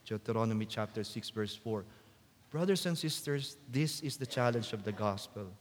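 A man preaching a sermon as a priest, slow and deliberate, rising to loud emphatic quotes. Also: fairly low pitch, expressive. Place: church. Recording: long church reverb.

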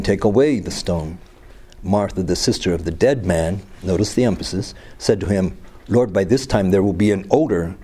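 A man's voice: fairly low pitch, warm tone, breathy edge. A man leading a Bible study, reading scripture aloud and then commenting casually with rhetorical questions and teasing asides. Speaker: Bible teacher.

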